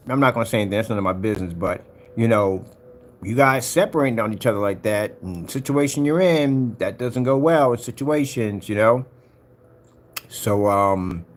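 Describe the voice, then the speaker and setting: Taunting man ranting to his viewers. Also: lowish voice. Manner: taunting, mocking, swings between loud and muttered. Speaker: vlogger. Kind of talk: ranting monologue to camera.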